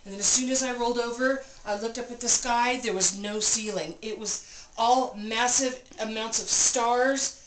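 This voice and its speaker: A woman vlogger in a cabin room, telling a personal story in an animated, breathless way and repeating phrases for emphasis. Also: on the high side, normal speed. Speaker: vlogger recounting an experience. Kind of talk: casual storytelling. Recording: roomy room with clear background noise.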